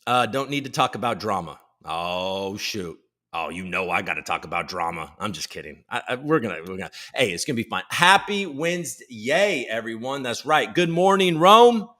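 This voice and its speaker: Animated, bright-voiced male stream host. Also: medium pitch, fairly quick, few pauses. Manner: energetic, joking, greets chatters by name; swears freely. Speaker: livestream host. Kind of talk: casual livestream chat.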